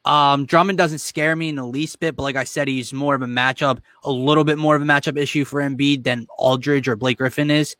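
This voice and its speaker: A man's voice: medium pitch, steady tone, fairly quick, hardly any pauses, a bit bright, dry recording, clean studio sound. A man co-hosting a casual sports podcast, blunt and opinionated. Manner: opinionated, blunt, laughs easily. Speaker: podcast co-host.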